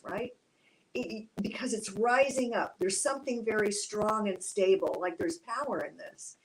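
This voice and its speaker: Woman art teacher, mid-pitched voice, casual and reflective, plenty of ums and restarts. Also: a little hiss or hum, low-quality recording. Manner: reflective, gently encouraging, many fillers and restarts. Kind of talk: casual instructional talk.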